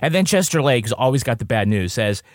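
A man's voice: medium pitch, animated, fast talker, dry recording. A man co-hosting a podcast, recapping a TV episode with dry, sarcastic plot summaries. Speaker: podcast co-host. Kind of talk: casual chat recapping a TV episode.

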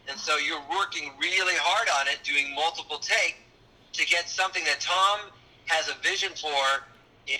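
A man's voice: fairly high pitch, low-quality recording. A man who works as a voice actor, chatting in a casual interview and acting out bits of characters as he goes. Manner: animated, slips into character voices and Spanish. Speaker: voice actor guest.

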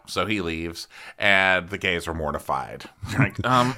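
A man's voice: sits low, unhurried, pushed and bright. A man co-hosting a comedic recap podcast, chatting and acting out quotes in silly voices. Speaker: podcast co-host.

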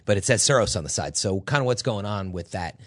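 A mid-pitched man talking quickly and hedging his points on a gaming podcast. The sound is close and dry, with no room around it. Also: expressive, no room sound. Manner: fast, hedging, laughs often. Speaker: podcast co-host. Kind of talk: casual gaming podcast chat.

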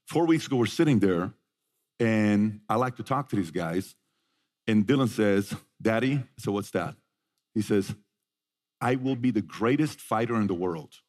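A man's voice: on the low side, lively intonation, normal speed, a little mellow. A middle-aged man giving a motivational talk to a live audience, telling a family story, asking the crowd questions and acting out his sons' lines. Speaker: motivational speaker.

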